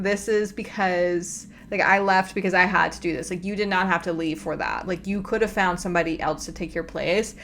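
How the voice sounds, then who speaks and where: A woman's voice: mid-range voice, a little hiss or hum. A woman hosting a reaction commentary from her home desk, talking emphatically and with exasperation. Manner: exasperated, emphatic, fast asides. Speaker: commentary host. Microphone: desk microphone.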